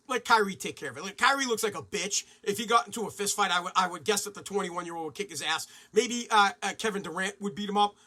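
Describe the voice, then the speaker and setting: A man in his forties hosting a podcast, delivering a heated, profane monologue with loud bursts of indignation. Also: very high voice. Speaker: podcast host.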